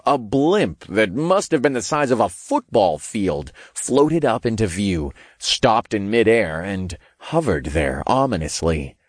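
A man narrates a first-person fantasy audiobook in a low voice with a lively, swinging melody. His delivery is casual and wry, with the odd swear, recorded dry and close. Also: no room sound.

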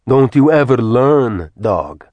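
A man's voice: mid-range voice, big pitch swings, slow, darkish tone, dry recording, dull audio. A male narrator voicing an arrogant demon lord who makes cold, gloating threats. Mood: threatening.

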